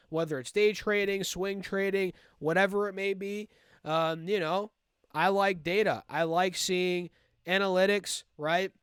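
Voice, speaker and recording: A man talking casually to his viewers about stock trades, energetic and calling them guys. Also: high-pitched, smooth, dry recording, clean studio sound. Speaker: stock market YouTuber. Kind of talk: casual chat to camera.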